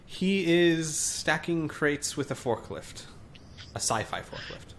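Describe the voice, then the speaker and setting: A man's voice: fairly high pitch, sing-song, slow, a bit bright, slight background noise. A man narrating as a tabletop game master, rambling and searching for words.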